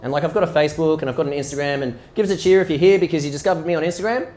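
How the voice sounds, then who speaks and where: A man performing a stand-up comedy set, telling stories and acting out the exchanges with lively energy. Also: a little high, rapid-fire. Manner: animated storytelling, acting out exchanges. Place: live comedy venue with audience. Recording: echoey room with audience noise.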